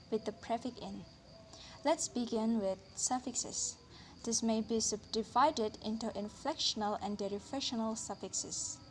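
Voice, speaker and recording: A woman with a somewhat high voice reads a linguistics lesson aloud, careful and deliberate. She slows down on each example word. A faint hiss sits under her voice. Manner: careful, deliberate reading, slowing on example words. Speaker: lecturer.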